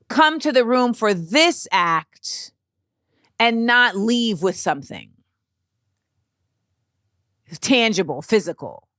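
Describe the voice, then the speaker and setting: A woman podcast host tells a personal story in an unhurried, measured way. She pauses and restarts often as she searches for words. The sound is dry and close, with no room echo at all. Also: on the high side, a bit bright. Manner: slow, reflective, halting with restarts.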